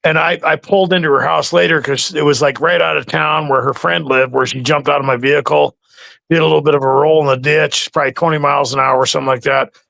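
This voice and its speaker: A male interview host tells a rambling story in a loose, conversational way, with a gravelly rasp in a fairly high voice. The sound is close and dry. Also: steady tone, quick pace, fairly bright tone, no echo. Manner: rambling storytelling with many restarts.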